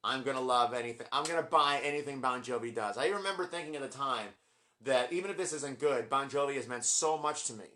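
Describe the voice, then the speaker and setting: Man, forties, bright forceful voice, rambling and gushing, apologetic asides: collection vlogger. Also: mid-range voice. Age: 40s. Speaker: vlogger ranking his album collection. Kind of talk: casual collection vlog.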